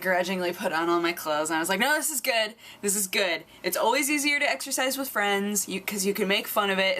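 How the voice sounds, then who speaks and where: A young woman telling a casual story on her vlog, animated and acting out quotes in squeaky voices. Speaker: vlogger.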